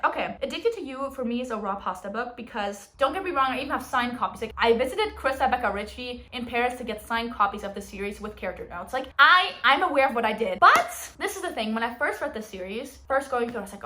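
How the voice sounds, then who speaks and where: Bright, animated young woman book vlogger. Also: fairly high pitch, a little fast, few pauses. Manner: animated, dramatic, blunt opinions. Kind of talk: casual book ranking vlog.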